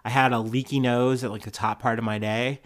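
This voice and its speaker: With little pitch movement and a slightly fast delivery, this mid-range male voice belongs to a casual news podcast host. He has a cold that makes him nasal and congested, and he rambles into his podcast mic with fillers and restarts.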